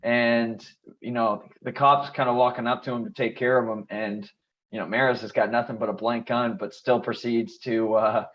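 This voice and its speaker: Man, podcast co-host, relaxed recap, steady, muffled lo-fi mic. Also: mid-range voice, moderate pace. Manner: relaxed, steady retelling with fillers. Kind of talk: casual recap chat.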